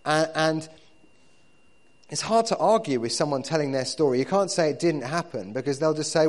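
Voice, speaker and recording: A man preaching to his church in a relaxed, conversational way, often repeating words as he builds his points. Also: fairly high pitch, normal speed. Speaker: pastor. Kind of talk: sermon.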